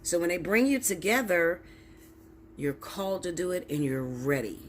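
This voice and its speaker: Speaking at normal speed in a lowish, sing-song voice, this tarot reader delivers a ranting monologue directly to her viewers. She's blunt, preachy, emphatic and heavy on profanity, with a little hiss or hum in the recording.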